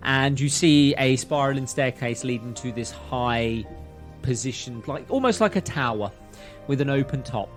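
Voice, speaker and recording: A man's voice: medium pitch, animated, moderate pace, hardly any pauses, faint music behind. A man narrating as game master for a tabletop game, laughing often as he talks.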